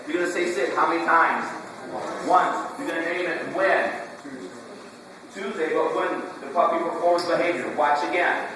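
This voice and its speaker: A man's voice: fairly high pitch, level tone, normal speed, sharp tone. Echoey distant man coaching a puppy class. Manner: drill-like, quizzing the class, repeating commands. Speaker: dog trainer. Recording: echoey hall, distant camera, room noise.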